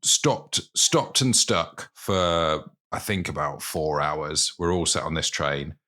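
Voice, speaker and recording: Deep-voiced man with dry teasing. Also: expressive, slow pace, bright, forceful tone. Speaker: podcast co-host. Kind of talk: casual chat.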